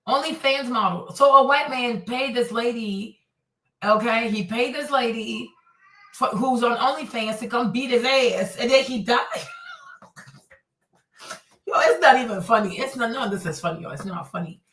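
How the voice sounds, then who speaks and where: Woman host ranting casually, bright sharp voice, bit far from the mic in a roomy space. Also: fairly high pitch, normal speed, slight background noise. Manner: blunt, animated, swears and laughs. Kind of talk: casual reaction commentary. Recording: echoey room, away from the mic.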